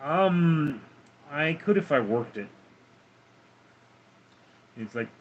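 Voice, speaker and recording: Slow, lively-pitched man chatting to viewers. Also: dull audio, a little hiss or hum. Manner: reads viewer comments aloud and answers them offhandedly. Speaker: livestreamer reading chat. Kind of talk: casual live-stream chat. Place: home with his cats.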